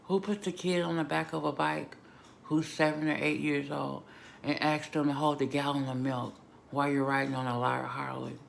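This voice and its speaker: A woman vlogger giving an emotional, emphatic personal testimony, moving between hushed and loud moments. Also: low voice, flat delivery, moderate pace, vocal fry, slight background noise. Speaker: vlogger sharing a personal story.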